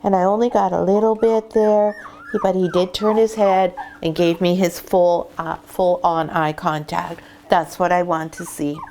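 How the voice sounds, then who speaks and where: A woman breeder sits among a litter of puppies, explaining training steps and then easing into a soft, coaxing voice to settle them. Faint background noise sits under her voice, along with the small sounds of puppies shuffling nearby. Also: medium pitch. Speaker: dog breeder. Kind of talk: instructional vlog, talking to puppies. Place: sitting in a whelping box with puppies.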